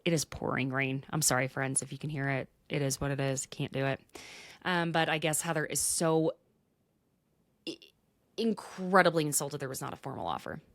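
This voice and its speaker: A woman's voice: rumbling low, normal speed, a bit bright, no room sound. A young adult woman hosting a podcast, recapping in a casual, dramatic way and dropping into whispered asides. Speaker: podcast host.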